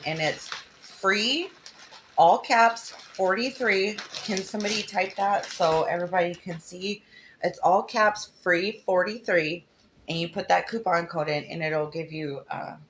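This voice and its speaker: A woman's voice: on the low side, a little slow, fairly bright tone, slight background noise. A middle-aged woman hosts a crafting livestream, chatting affectionately and greeting viewers by name while she demonstrates.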